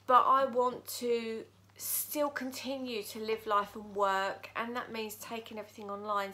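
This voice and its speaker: Woman vlogger, bright tense voice, shaken but candid, talking to camera from her living room. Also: mid-range voice. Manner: emotional, halting, candid. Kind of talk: personal vlog talking to camera.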